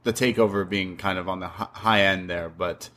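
Male co-host, casual recap, rambling, slightly low pitch. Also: steady tone, moderate pace, bright, forceful tone. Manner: rambling, quotes people in their own voice. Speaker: podcast co-host.

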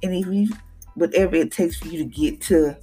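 A woman's voice: on the low side, a little fast, warm tone, faint music behind. A woman hosting a devotional podcast, speaking in a casual, emphatic way and acting out what she said to others.

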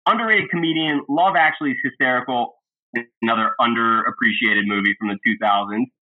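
A man's voice: mid-range voice, brisk. A man hosting a casual movie review chat, gushing and laughing as he retells favorite scenes. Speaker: podcast host. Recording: thin phone-like sound.

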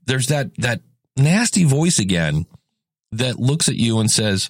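A man's voice: medium pitch, sing-song, unhurried, no echo, clean studio sound. A man hosting a casual solo podcast, chatty and rambling, often correcting himself mid-sentence. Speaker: podcast host.

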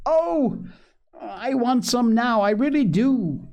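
A man voicing a quiet, thoughtful younger boy who speaks earnestly. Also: sits high, sing-song, unhurried, lo-fi sound, pitched above the performer's own voice. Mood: eager.

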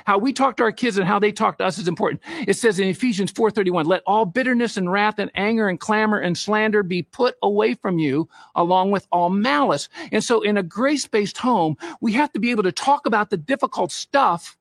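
A man's voice: high-pitched, vocal fry, no room sound, studio quality. A middle-aged man giving a faith-based parenting talk, telling family stories and quoting scripture. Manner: storytelling with scripture quotes, animated. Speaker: speaker on parenting.

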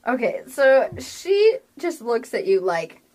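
A woman narrating a tabletop game as game master, giggly and animated. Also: on the high side, slow.

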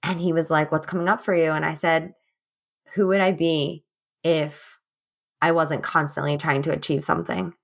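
Candid, emphatic woman, low voice. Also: little pitch movement, moderate pace, vocal fry. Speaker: guest, business coach. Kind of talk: casual podcast chat. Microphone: remote call.

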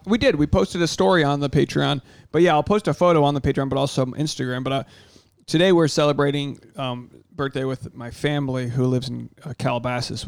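A man in his thirties co-hosting a podcast in casual chat, an animated storyteller who swears freely and acts out quotes. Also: mid-range voice, creaky, dry recording, studio quality. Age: 30s. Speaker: podcast co-host. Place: home.

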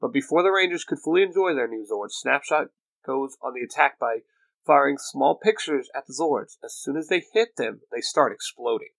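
A man's voice: medium pitch, animated, moderate pace, creaky, fairly bright tone, dry recording, rough recording. A man reading the narration of a fan-made superhero audio drama. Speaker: storyteller.

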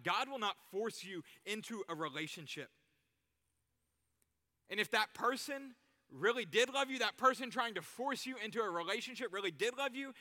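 A man's voice: high-pitched, pushed and bright. A man preaching a sermon in a conversational way, using everyday examples. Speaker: youth pastor. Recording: reverberant hall.

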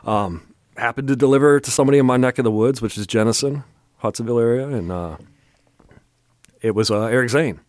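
A man, a podcast guest telling a story in casual chat, animated, acting out the quotes and laughing often. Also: medium pitch, fairly quick, long pauses, dry recording, studio quality.

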